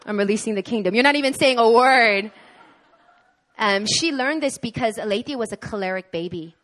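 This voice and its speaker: A woman preaching a sermon at a church service in an animated way, acting out the voices she quotes. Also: on the high side, fairly quick. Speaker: guest preacher.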